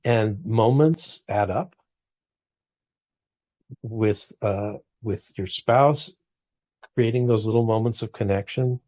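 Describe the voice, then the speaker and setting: In his forties, a man talks reflectively in a casual conversation, his lowish voice slow and often pausing. His storytelling is warm, full of restarts and small asides. The audio is dull but free of echo.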